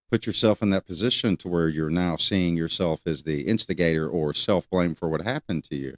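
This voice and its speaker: An older man hosting a solo talk show, rambling and repeating questions with many pauses. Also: low-pitched, lively intonation, dry recording, studio quality. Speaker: host.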